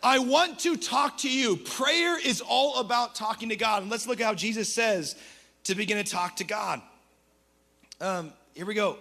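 A man preaching a sermon as a pastor, energetic and humorous, with quick conversational asides. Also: high voice, vocal fry.

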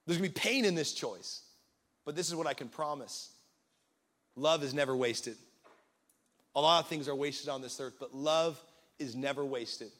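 A young man preaching a sermon in a casual, earnest way, with growing excitement. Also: a little high, normal speed, long pauses.

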